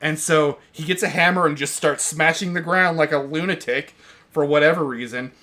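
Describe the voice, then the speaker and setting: Bright-voiced man ranting about a movie. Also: on the high side. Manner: ranting, exasperated and sarcastic. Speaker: podcast host reviewing movies. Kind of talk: casual chat.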